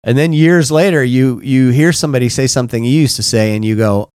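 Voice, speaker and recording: A middle-aged man co-hosting a podcast, telling candid, profane stories in a casual, animated way. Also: mid-range voice, quick pace, clean tone, no echo, clean studio sound. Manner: blunt, profane, animated, frequent "right?". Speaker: podcast co-host.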